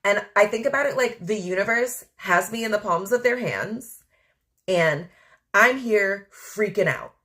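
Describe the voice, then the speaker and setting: A podcast host with a mid-range, slightly bright voice and lively intonation talks through her thoughts unhurriedly. It's a rambling, candid, reflective monologue packed with fillers.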